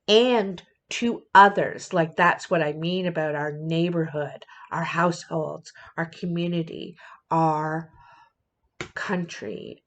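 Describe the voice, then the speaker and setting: A woman giving a casual tarot reading in an unhurried, rambling way. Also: lowish voice. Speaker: tarot reader.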